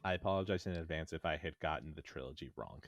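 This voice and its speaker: A man's voice: a bass voice, fast, no room sound. A man co-hosting a casual podcast from home, swearing a lot and ranting sarcastically. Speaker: podcast co-host. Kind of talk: casual chat. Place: at home in a bedroom.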